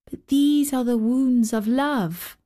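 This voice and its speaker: A woman voicing a calm little boy. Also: high-pitched, takes it slowly. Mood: serene. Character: small gentle holy boy, calm.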